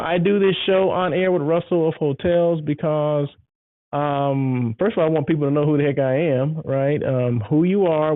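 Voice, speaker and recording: A man's voice: on the high side, creaky, dry recording. A man hosting his own show, chatting casually and enthusiastically, rambling and repeating himself. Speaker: show host. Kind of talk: casual solo show chat. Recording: tinny phone-like sound.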